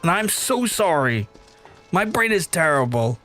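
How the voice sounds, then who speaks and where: Excitable, swearing man streaming a game. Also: fairly high pitch, unhurried, faint music behind. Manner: excitable, swears often, reads chat aloud; stumbles over names, repeats words. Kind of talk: live gameplay stream, chatting with viewers.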